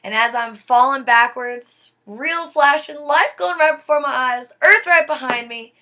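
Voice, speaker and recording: Her voice sits high as she tells the story of her life, unhurried and deliberate, with a casual flair for drama. Tense moments bring her down to a hush.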